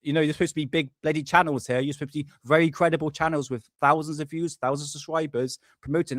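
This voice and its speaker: A man's voice: on the high side, steady tone, fast, few pauses, no room sound. A man hosting a live stream, talking casually and ranting with swear words.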